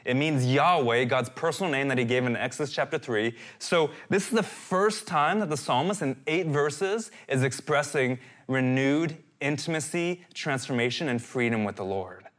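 A man preaching a sermon, animated and direct, reading out scripture and calling his listeners "guys". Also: mid-range voice, normal speed, hardly any pauses. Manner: reads and dramatizes scripture verses. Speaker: pastor.

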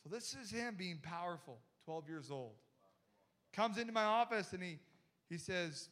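A young pastor with a high voice preaches a sermon, telling a story with animated energy. He quotes people in quick bursts and repeats words, swinging between loud, excited moments and hushed asides.

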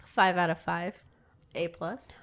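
A woman's voice: lowish voice, steady tone, takes it slowly, fairly bright tone. A young woman co-hosting a casual podcast, speaking bluntly and wryly. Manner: blunt, literal-minded, wry. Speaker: podcast co-host. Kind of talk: casual chat.

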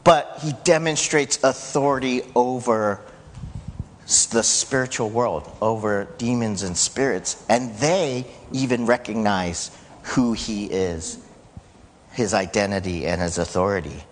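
Man, pastor, sermon, unhurried, lingering church reverb. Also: lowish voice, a little hiss or hum. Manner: conversational preaching, rising to shouts when quoting. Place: church sanctuary.

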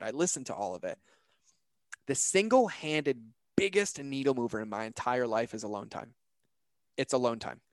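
A man's voice: mid-range voice, dry recording. A man with a mid-range voice speaks earnestly in a reflective podcast chat, casual and searching, leaning on fillers like "like" and "right?". The sound is dry and close, with little room around it.

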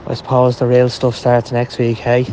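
A man sending a voice note on his way back to the car, flat and deflated. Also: medium pitch, normal speed. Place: outdoors walking to a car. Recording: dull voice note, faint background noise.

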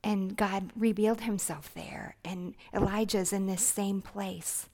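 A woman delivers a reflective sermon in a gentle, earnest voice. She speaks slowly and deliberately, at a pitch neither high nor low, with some soft hushed passages. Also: fairly even intonation. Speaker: preacher.

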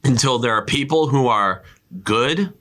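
A man hosting a casual podcast chat, rambling and animated with lots of fillers. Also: mid-range voice, unhurried. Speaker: podcast host. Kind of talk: casual chat about movies and games.

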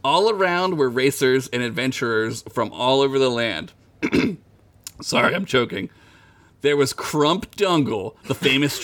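A man's voice: a little high, fairly bright tone. A man hosting a podcast, narrating a comedic story in a joking, irreverent way. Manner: joking, irreverent, laughs at his own lines.

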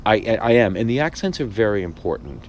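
Low-pitched male playwright host, thoughtful and halting, light noise underneath. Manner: thoughtful, restarts often, animated asides. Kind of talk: casual conversation.

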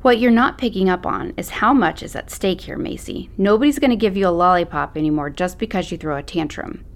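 A woman's voice: on the low side, fairly quick, close to an everyday voice. A woman voicing a preachy, patronizing male teacher. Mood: lecturing. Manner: lecturing, patronizing. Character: exasperated male high-school teacher, preachy. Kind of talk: audiobook narration.

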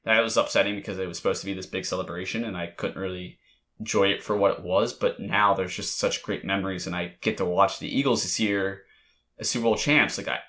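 A man with a low, bright, forceful voice chats casually about his team. He tells the story emotionally, rambling and restarting often. It is a relaxed back-and-forth between two fans. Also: fast. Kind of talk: casual chat.

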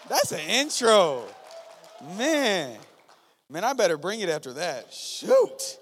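A young man giving his first sermon in a church, excited, rambling and joking with the congregation. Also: high voice, slow pace, a faint crowd, slight background noise. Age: young adult. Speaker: guest preacher. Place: church sanctuary. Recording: long hall reverb.

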